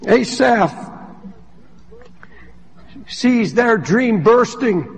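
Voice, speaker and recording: A man preaching a sermon as pastor, impassioned and rising to shouts, recorded in a large church hall. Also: high voice, animated, very slow, vocal fry, long pauses, breathy edge. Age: older.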